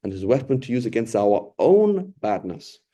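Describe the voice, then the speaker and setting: A man's voice: medium pitch, moderate pace. A man teaching a Ramadan Quran lesson in a conversational, emphatic way, asking rhetorical questions and acting out what people say. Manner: acts out quoted people in lively voices.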